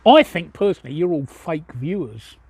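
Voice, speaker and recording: A Cockney man from East London, England, livestreams from an outdoor pub table beside a street, bluntly answering viewers and swearing freely in casual chat. His voice is a little high and darkish with a breathy edge, swinging widely in pitch at a normal speed.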